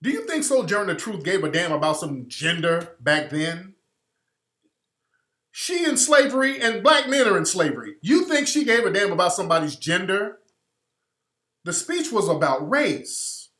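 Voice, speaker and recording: With big pitch swings and a high, fairly bright voice, this man talks at normal speed. He's a radio host giving an impassioned, blunt, emphatic monologue, deliberately repeating his points, captured with a roomy echo.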